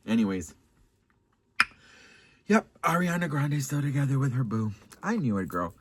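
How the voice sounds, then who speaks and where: A man telling dating stories to his viewers in a casual, sassy, dramatic way, swearing and changing his pitch often. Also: very animated, moderate pace, long pauses, slightly rough. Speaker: vlogger. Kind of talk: casual storytime chat.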